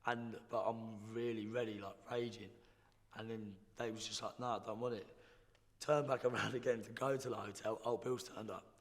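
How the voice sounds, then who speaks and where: A young man, telling his life story in a blunt, slangy, halting way as a podcast guest. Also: on the low side, steady tone. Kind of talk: casual storytelling. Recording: roomy hall reverb.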